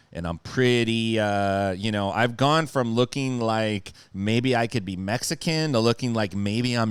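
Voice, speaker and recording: A man telling a story as a podcast guest in a rambling, profane, animated way, with fillers and sound effects. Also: deep voice, no echo.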